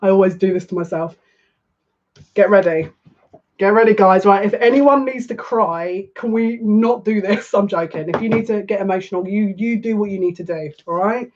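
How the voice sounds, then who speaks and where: Chatty woman as a psychic card reader, mid-pitched voice, dull lo-fi recording. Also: normal speed, darkish tone. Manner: chatty, with emotional asides, reads aloud from a card book. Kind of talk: live tarot reading.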